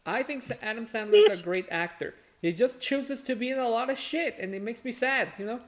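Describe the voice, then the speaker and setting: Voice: medium pitch, brisk. A person chatting casually with friends, hesitant and full of fillers like "um" and "uh". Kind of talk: casual chat over voice call.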